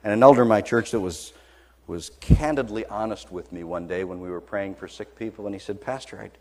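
A man preaching a sermon, telling a story dramatically, moving between hushed lines and loud, high passages. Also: husky. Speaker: pastor.

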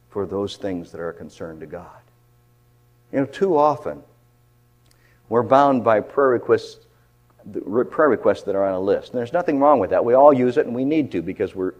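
An older man from Michigan preaching a sermon as a pastor, impassioned, swinging from loud fervent cries down to hushed near-whispers. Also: medium pitch.

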